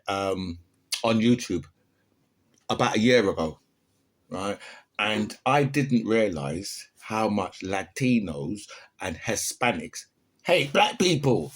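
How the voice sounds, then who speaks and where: A man's voice: fairly low pitch, big pitch swings, takes it slowly, pauses often. Impassioned British man ranting. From United Kingdom. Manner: impassioned, ranting, keeps asking "right?". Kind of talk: opinion monologue.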